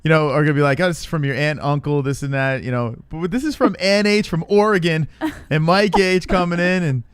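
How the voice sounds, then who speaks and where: A man hosting a live stream in casual chat, excitable and swearing freely. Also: a little high, brisk, clean tone, dry recording. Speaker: stream host.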